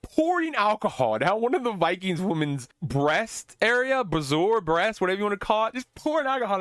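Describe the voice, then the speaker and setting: A man's voice: mid-range voice, a bit bright, dry recording, clean studio sound. A man hosting a podcast, recapping an old film in a casual, rambling way with swearing and joking asides. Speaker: podcast host.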